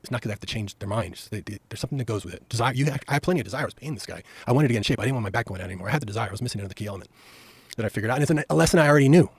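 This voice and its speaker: Fast-talking husky middle-aged man. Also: mid-range voice, no echo. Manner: animated, emphatic storytelling. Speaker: podcast guest. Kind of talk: storytelling conversation.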